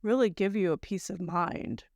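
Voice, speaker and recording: This podcast co-host is a woman speaking at a normal speed in a medium-pitched, creaky, slightly mellow voice. She's casually recapping a story, stringing events into long, chatty run-on chains and talking bluntly with mild cursing. The sound is studio quality, with no echo.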